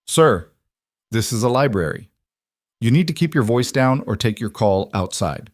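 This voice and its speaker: A man's voice: mid-range voice, expressive, normal speed, dry recording, clean studio sound, natural voice. A man voicing a frightened young female librarian who stands firm in a small trembling voice. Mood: nervous firm.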